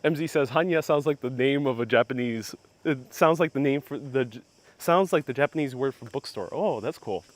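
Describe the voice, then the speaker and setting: Outdoors in old town streets, a travel vlog host whose first language is Spanish leads a live walking tour and reads viewer comments aloud, casually correcting himself. His mid-range voice moves fairly quickly. He's recorded on a phone on a gimbal with a clip-on mic.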